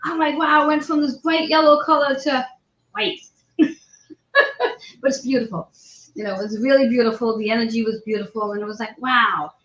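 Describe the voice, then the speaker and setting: A woman hosting a casual chat, telling a story with lively, acted-out quotes. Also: fairly high pitch, normal speed, long pauses. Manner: animated storyteller, acts out quoted voices. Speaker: host. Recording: roomy, dull lo-fi sound.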